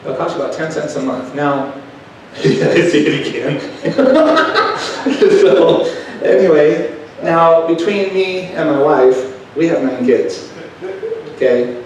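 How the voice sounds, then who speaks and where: A middle-aged man with a medium-pitched, slightly mellow voice gives a sermon full of personal stories, speaking in a loose, folksy, conversational way and asking the crowd questions. He's recorded from well back in a very echoey hall, with a faint hiss underneath.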